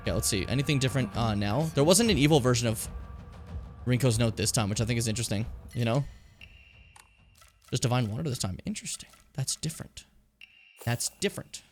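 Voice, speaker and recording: A man's voice: medium pitch, animated, fairly quick, pauses often, soft background music. A man streaming a game, chatting in a loose, rambling, self-deprecating way and swearing freely. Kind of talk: casual live-stream commentary.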